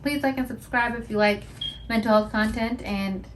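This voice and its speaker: A woman's voice: fairly high pitch, normal speed, slight background noise, poor audio. A young woman hosting a mental health podcast, talking casually and emotionally in a rambling vlog monologue full of "like". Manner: rambling and emotional, heavy use of filler "like".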